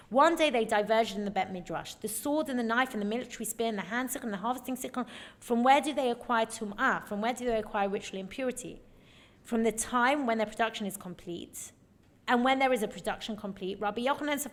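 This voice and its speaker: A woman teaching a Torah lecture in an earnest, emphatic way, often checking in with her listeners. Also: a little high. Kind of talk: recorded lecture.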